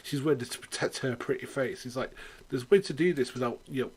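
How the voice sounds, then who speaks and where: A man's voice: medium pitch, quick pace, a little mellow, breathy edge. Rambling, sarcastic man reviewing wrestling. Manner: rambling, sarcastic, with frequent fillers. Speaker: host of a weekly wrestling review. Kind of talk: casual spoken review.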